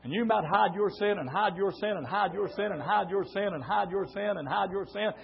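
A middle-aged man preaching a sermon, telling stories and swelling into shouted preaching, heard on a dull lo-fi church recording. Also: sits high, fairly quick, vocal fry.

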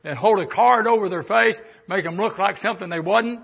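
An older man from the American South preaching a sermon, moving from quiet storytelling to fervent shouting. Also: sits high, brisk, vocal fry, breathy edge, muffled recording.

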